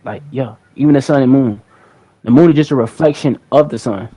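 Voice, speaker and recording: A man's voice: mid-range voice, a little fast, mellow, husky, low-quality recording. A young man hosting a livestream, chatting casually to his viewers in a rambling, slangy way, often repeating words. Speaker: livestream host.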